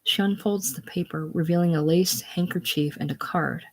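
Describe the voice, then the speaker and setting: A woman reads the stage directions aloud in a casual play reading. Her voice sits somewhat low, and she reads plainly and evenly. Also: fairly even intonation, moderate pace. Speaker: reader of a play.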